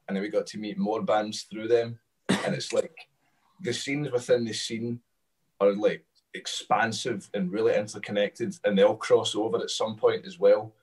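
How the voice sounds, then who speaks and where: A Scottish man chats casually as a musician guest and rambles through fillers and restarts. His voice sits low and sounds distant from the microphone, as on a video call. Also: a little mellow. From Scotland. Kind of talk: casual panel chat.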